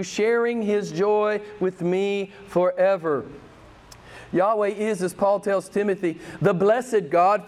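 A man preaching a sermon with fervor, repeating phrases for emphasis and swinging between loud bursts and quiet, drawn-out lines. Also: high-pitched. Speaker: pastor.

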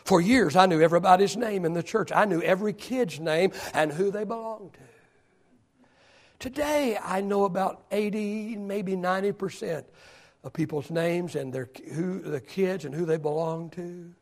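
Older guy preaching, really high voice, goes quiet then loud. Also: normal speed. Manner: preaching with big swings from quiet to shouting. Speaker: pastor. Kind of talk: sermon.

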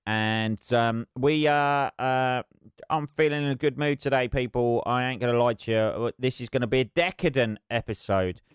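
A man's voice: medium pitch, moderate pace, clean tone, no room sound, studio quality. A middle-aged man hosting his solo podcast, rambling, sweary and self-mocking. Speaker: podcast host. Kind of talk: casual solo podcast chat.

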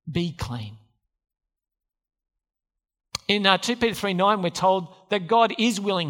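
A man's voice: high-pitched, a bit bright, big-room sound. A man preaching a sermon as pastor, emphatic and repeating key phrases. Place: church.

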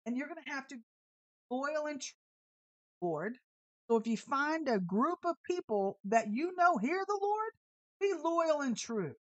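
A woman's voice: fairly high pitch, no room sound. A woman preaching an informal sermon full of storytelling, talking in a brash, sassy and emphatic way.

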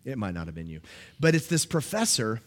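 A middle-aged man preaching a sermon as pastor, animated and jokey, acting out quotes in sudden high voices. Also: brisk.

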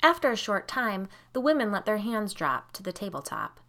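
Bright-voiced woman narrating a spooky story. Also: mid-range voice, sing-song, moderate pace. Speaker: podcast host and storyteller.

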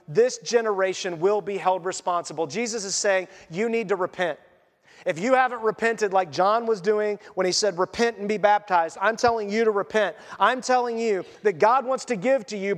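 A man preaching a sermon as pastor in a conversational, animated way. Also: sits high, long reverb tail. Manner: conversational, animated, laughs at his own points.

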